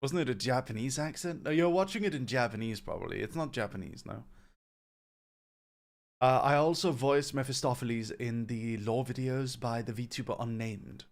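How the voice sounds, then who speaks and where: A man with a gravelly, creaky voice hosts a loose livestream Q&A, reading chat questions aloud. His answers ramble in a relaxed, offhand way at a mid pitch. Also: moderate pace. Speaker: company CEO answering viewer questions. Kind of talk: casual livestream Q&A.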